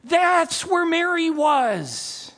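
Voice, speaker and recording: A preacher delivering a sermon at an unhurried pace. The pitch rises and falls widely as the preacher reads scripture, then shifts into a conversational explanation that acts out the scenes. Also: sing-song, a bit bright. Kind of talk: sermon with Bible reading.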